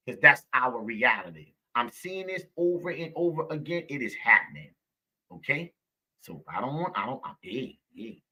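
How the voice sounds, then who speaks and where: Male live-stream host, preachy and repetitive, swooping animated delivery. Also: mid-range voice, takes it slowly. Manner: preachy, repeats himself, calls viewers baby. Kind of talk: live-stream commentary talking to viewers.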